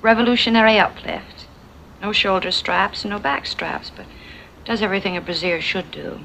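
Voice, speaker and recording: A woman's voice: mid-range voice, normal speed, vocal fry, pushed and bright, a little hiss or hum, rough recording. An actress playing a wry woman designer who teases her ex-fiancé, in a 1950s film. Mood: teasing. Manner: dry, teasing.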